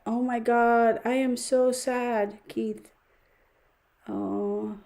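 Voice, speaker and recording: A woman's voice: on the high side, fairly even intonation, extremely slow, creaky, a little mellow. A woman hosts a casual tarot livestream and talks straight to her viewers. She sighs often and mutters her counting under her breath. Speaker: tarot reader livestream host.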